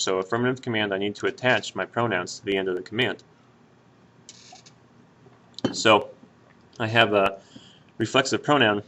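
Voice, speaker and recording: A man walks learners through Spanish grammar one step at a time. His lowish voice has a bright, forceful edge. He talks in a patient, casual way and fills pauses with "uh" and "um.". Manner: patient, step-by-step, with many fillers and restarts. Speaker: Spanish teacher. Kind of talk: explaining grammar at a whiteboard.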